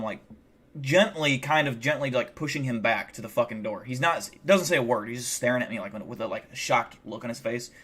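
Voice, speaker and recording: A man's voice: mid-range voice, fairly bright tone. A man live streaming, telling a story in a casual, rambling way, swearing a lot and filling his talk with "like". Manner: rambling and heavily profane, many fillers like "like".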